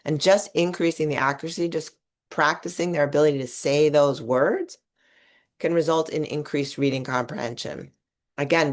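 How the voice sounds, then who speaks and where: A woman giving a webinar presentation and explaining her slides step by step, with occasional restarts mid-word. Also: a bass voice. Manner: explanatory, talks through slides. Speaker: webinar presenter on reading instruction.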